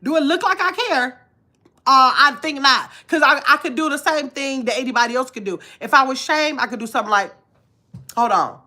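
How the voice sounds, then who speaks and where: A woman in her fifties speaks with a nasal, high voice that sits above most women's. She lectures her viewers bluntly in a casual live stream and stops to read out their comments. Her tone is bright and forward. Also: a little fast. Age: 50s. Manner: blunt, preachy, reads comments aloud. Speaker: vlogger.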